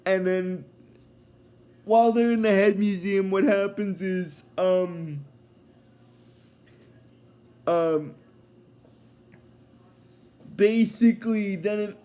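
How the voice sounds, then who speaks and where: Man, rambling episode recap, lots of fillers, high voice, slow. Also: warm tone. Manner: rambling, many fillers, chuckling asides. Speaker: episode reviewer.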